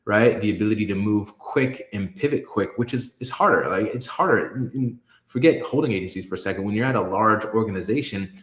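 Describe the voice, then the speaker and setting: A low-voiced man speaking in a candid interview, recorded in a room with noticeable echo. He tells stories emphatically, swears for effect and stumbles into restarts as he builds his point. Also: fairly quick. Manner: emphatic, profane, storytelling with many restarts. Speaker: guest, creative executive.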